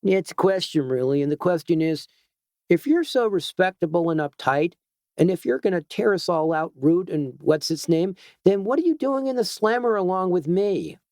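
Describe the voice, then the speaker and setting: A man's voice: sits high, expressive, normal speed, a little mellow, dry recording, studio quality, voice pushed up. A man voicing a young male hoodlum who chews gum and drawls casually. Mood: smirking. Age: young adult.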